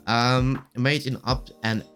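A man's voice: medium pitch, steady tone, slow, a bit bright, soft background music. A man hosting a casual solo podcast, gushing and rambling with lots of fillers while his voice keeps cracking. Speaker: podcast host.

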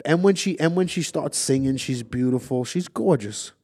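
Brief: male podcast guest, raspy voice, rowdy casual banter. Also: mid-range voice, moderate pace. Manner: loud, excitable, crude banter. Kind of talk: casual chat.

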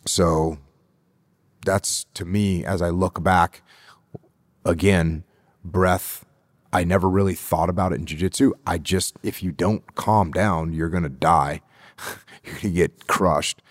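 A middle-aged man answering interview questions as a leadership instructor, deliberate and repeating phrases for emphasis. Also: low-pitched, steady tone, no echo, studio quality.

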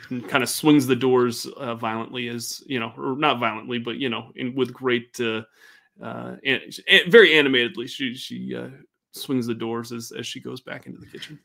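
A man's voice: medium pitch, flat delivery, normal speed, vocal fry, a bit bright. A man narrating as game master of a tabletop game, rambling, with many fillers and restarts.

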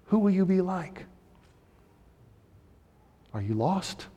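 A man preaching a sermon as pastor, moving between impassioned emphasis and hushed, near-whispered appeals. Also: mid-range voice, animated, takes it slowly, long pauses. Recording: long hall reverb.

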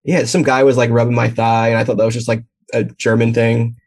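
A man's voice: mid-range voice, little pitch movement, a little fast, darkish tone, breathy edge. A man guesting on a podcast, joking around and telling a funny story in casual chat.

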